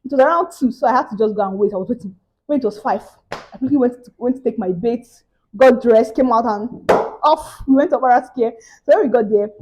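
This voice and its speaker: A woman's voice: a little high, darkish tone, a little hiss or hum, low-quality recording. A young Nigerian woman with a Nigerian accent, telling a story in a casual vlog and acting out the other people's voices. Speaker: vlogger.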